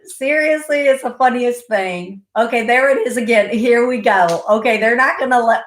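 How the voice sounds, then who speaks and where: A woman's voice: fairly high pitch, moderate pace, hardly any pauses, echoey room. A woman hosting a call-in psychic radio show, giving readings with repeated, direct warnings and bursts of giggling.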